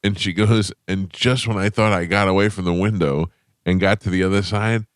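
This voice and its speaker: A man's voice: low voice, steady tone, moderate pace, no room sound, studio quality. A male radio host telling a rambling story in casual morning-show banter, laughing as he goes.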